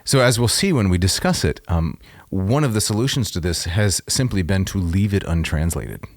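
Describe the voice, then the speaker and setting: Deep-voiced man co-hosting a scholarly podcast. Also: animated, dry recording, clean studio sound. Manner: measured, explanatory, reads out texts aloud. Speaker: podcast co-host. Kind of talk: casual scholarly discussion.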